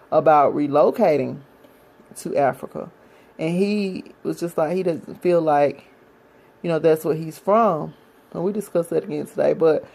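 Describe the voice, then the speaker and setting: Low, mellow-voiced woman vlogger. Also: creaky, rough recording. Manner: earnest, speaks directly to viewers, tired. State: out of breath. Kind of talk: reading a history text, then casual talk to viewers.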